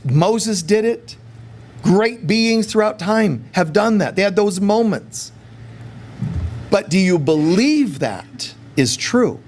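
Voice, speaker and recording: Guy doing a chatty spiritual talk, high voice, super animated. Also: a little hiss or hum. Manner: animated, acts out quoted prayers; casual, conversational. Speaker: spiritual teacher.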